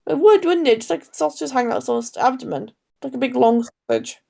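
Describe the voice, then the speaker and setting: A woman from Newcastle with a Geordie accent, co-hosting a podcast in casual, expressive chat. Her throat is sore, and she laughs easily. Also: sits high, vocal fry. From Newcastle, England. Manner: chatty, expressive, quick to laugh. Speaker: podcast co-host.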